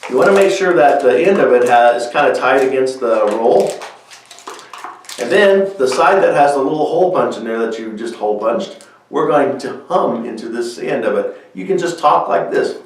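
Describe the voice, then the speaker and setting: A man's voice: medium pitch, lively intonation, normal speed, very echoey, distant mic, low-quality recording. A man hosting a children's music show, explaining step by step how to make a kazoo, with easygoing fillers. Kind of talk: craft demonstration for kids.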